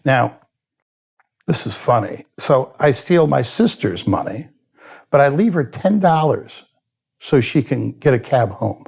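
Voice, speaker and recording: A man's voice: mid-range voice, animated, unhurried, gravelly, darkish tone, husky. A man, a guest in an interview who tells his story candidly, bluntly and with a lot of swearing, and sometimes laughs at himself. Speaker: addiction expert guest.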